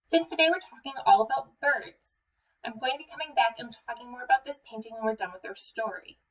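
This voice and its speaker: A woman's voice: fairly high pitch, a little fast, far from the mic, low-quality recording. A young woman with an American accent, a museum educator giving a friendly children's art lesson and story time, asking the viewer questions.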